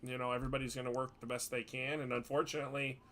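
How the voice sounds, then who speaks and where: A man's voice: mid-range voice, level tone, racing, a bit bright. A man who works as a hockey referee, chatting on a podcast and telling stories with plenty of emphasis. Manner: storytelling, emphatic. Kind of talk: podcast chat.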